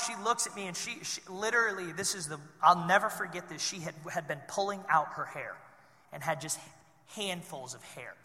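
A man preaching a sermon as pastor, telling a story in a conversational way with animated bursts. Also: high voice, long reverb tail. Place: church sanctuary.

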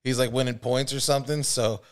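A man's voice: mid-range voice, fairly even intonation, fairly quick. A man hosting a podcast, telling a story in a casual, rambling, profane way, full of filler words. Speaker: podcast host.

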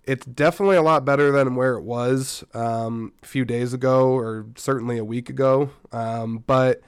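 Tired, rambling podcast host, clear dry voice. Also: male voice, mid-range voice, steady tone, moderate pace, no room sound. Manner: rambling, self-correcting, chatty asides. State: recovering from a stomach bug, a bit tired. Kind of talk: casual solo podcast chat.

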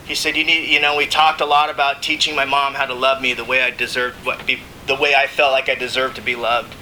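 A man's voice: medium pitch, level tone, a little fast, bright, forceful tone, slight background noise, poor audio. A man telling his recovery story to a recovery meeting, casual and emotional, often saying "you know what I mean" and laughing between lines. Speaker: recovering alcoholic speaker. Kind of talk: AA share, speaking to a meeting.

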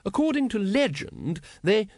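A man voicing an excitable, gushing upper-class woman who breeds dragons, reading a storybook. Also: high-pitched, unhurried, dry recording, studio quality, pitched above the performer's own voice, heavily acted. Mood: earnest.

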